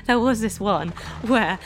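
Actress as a dry, sarcastic woman on a bad date, high and lively voice, comedy audio drama. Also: a little hiss or hum, full character voice. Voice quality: dry, sardonic delivery.

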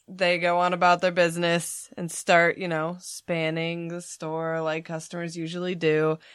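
A young woman co-hosting a podcast, casually telling a story, swearing freely and acting out what people said with big jumps in pitch. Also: monotone, a little slow, clear, resonant tone, dry recording, studio quality. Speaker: podcast co-host.

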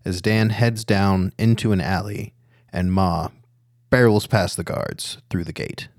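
Casting: game master, low and expressive, narrates the scene, dry recording. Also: male voice, unhurried, no echo. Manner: animated storytelling.

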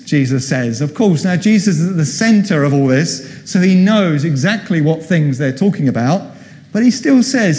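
A man's voice: on the high side, lively intonation, moderate pace, darkish tone. A middle-aged man preaches in a church hall, his slightly raised voice ringing with long reverb. He tells the story with animation and slips into the voices he quotes. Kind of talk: sermon.

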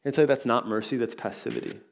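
A man preaching a sermon as pastor, earnest and animated, retelling a story with quick acted asides. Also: mid-range voice, vocal fry.

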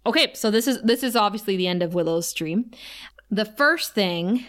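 A woman's voice: medium pitch, moderate pace. Chatty woman recapping a TV episode. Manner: chatty and animated, laughs often. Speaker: podcast co-host. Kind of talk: casual chat recapping a TV episode.

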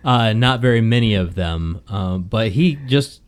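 A man co-hosting a podcast discussion, speaking in a measured, thoughtful way. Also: on the low side, animated. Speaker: podcast co-host.

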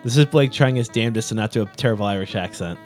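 A man's voice: on the low side, very fast, a little mellow, soft background music. A man co-hosting a casual podcast chat, rambling with many restarts and fillers. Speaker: podcast co-host.

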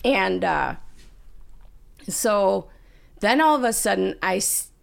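A woman's voice: medium pitch, expressive, takes it slowly, creaky. A woman co-hosting a casual podcast, telling a story animatedly and acting out her own panicked lines. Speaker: podcast co-host.

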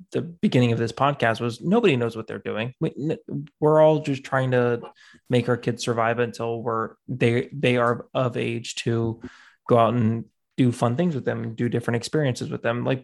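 A man hosting a casual podcast chat, agreeable and quick to laugh. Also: medium pitch, creaky. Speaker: podcast host.

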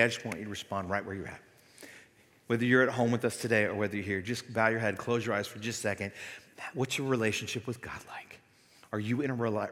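A middle-aged male pastor giving a sermon, moving between loud, emphatic preaching and soft, near-whispered passages. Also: on the low side. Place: church sanctuary. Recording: long hall reverb.

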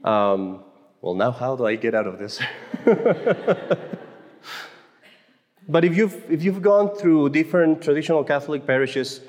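A man's voice: a little high, lively intonation, measured pace, long pauses, a little mellow. A man speaking at a conference for Catholic mothers, giving an informal faith talk in a conversational, joking way with frequent stammered restarts. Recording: echoey hall with long reverb.

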